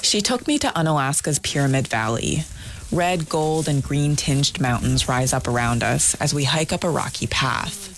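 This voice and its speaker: A woman narrates a radio feature story with a lively, storytelling delivery. Her pitch rises and falls a great deal. A faint noise sits under the voice. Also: moderate pace. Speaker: radio reporter.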